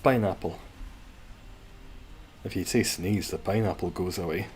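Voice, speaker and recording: Deep and a little mellow, this Scottish streamer talks at a measured pace over slight background noise. He's playing a game at home, making wry, rambling chat with viewers between moves.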